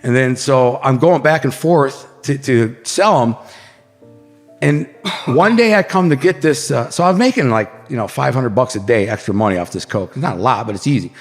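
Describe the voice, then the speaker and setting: A man's voice: medium pitch, animated, normal speed. A man from Detroit telling a street story in a vivid, slangy way, acting out scenes with sound effects. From Detroit, United States. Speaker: podcast guest. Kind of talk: casual storytelling. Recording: long hall reverb, faint music behind.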